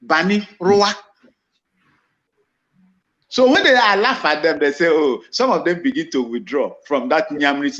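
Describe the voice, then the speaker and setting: This man's voice is fairly high, bright, and forceful, swooping wildly in pitch as he speaks unhurriedly with long pauses. A commentator with a Nigerian accent, he delivers an emphatic, repetitive monologue full of restarted phrases, recorded in dull lo-fi sound.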